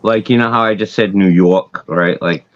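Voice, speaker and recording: A man with a Massachusetts accent chats on a video call, his voice low and a little muffled. He rambles and swears easily, often repeating his words as he goes. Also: normal speed, dry recording. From New Bedford, Massachusetts. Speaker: guest. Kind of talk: casual chat.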